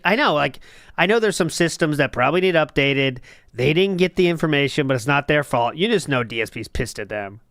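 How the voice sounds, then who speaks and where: A man with a slightly high voice hosts a casual stream and reads out viewer messages. He needles his co-host with dry sarcasm. His voice sounds close and dry, with no room echo. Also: a bit bright. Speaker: host reading chat. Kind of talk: casual chat.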